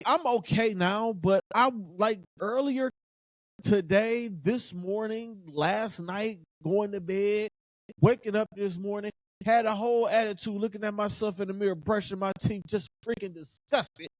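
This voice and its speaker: A man's voice: sits high, unhurried, no room sound. A man in his thirties hosting a sports podcast in casual talk, fired up and emphatic, repeating phrases for effect.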